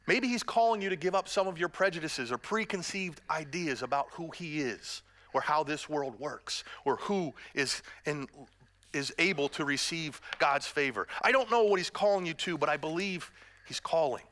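A man's voice: on the high side, normal speed, a bit bright. A middle-aged man preaching a sermon as pastor, earnest and direct with the congregation, mixing in self-deprecating humor.

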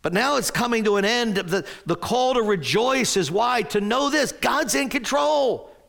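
A man's voice: extremely high pitch, a little slow, creaky, fairly bright tone. A man in his sixties preaching a sermon as a pastor, telling a story animatedly and often stumbling over restarts.

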